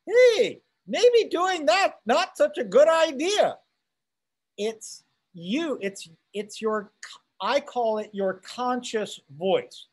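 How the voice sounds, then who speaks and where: A man teaching a class, reading a text aloud and commenting on it in a conversational way, asking rhetorical questions and checking in with his listeners. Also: sits high.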